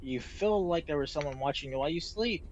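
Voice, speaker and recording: A man giving slow, mumbled running commentary while streaming a video game from home. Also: a little high, animated, highs cut off, slight background noise. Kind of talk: casual live-stream commentary. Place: home room.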